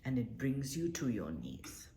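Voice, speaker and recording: A woman with a low voice leads a meditation class, her delivery swinging widely as she coaxes listeners toward calm. She talks earnestly and slips into little acted-out quotes. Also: a little slow, a little hiss or hum. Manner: earnest, gently coaxing, acts out little quoted exchanges. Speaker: meditation teacher.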